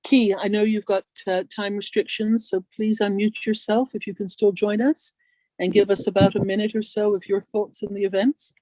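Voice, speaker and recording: A woman's voice: medium pitch, level tone, normal speed, darkish tone, no echo. A woman hosting a video call, graciously calling on speakers one by one. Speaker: meeting host.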